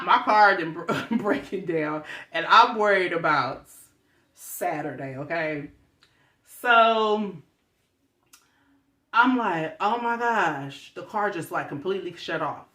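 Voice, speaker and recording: A young woman vlogger telling a story in a chatty, animated way, talking straight to her viewers. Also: on the low side, roomy sound.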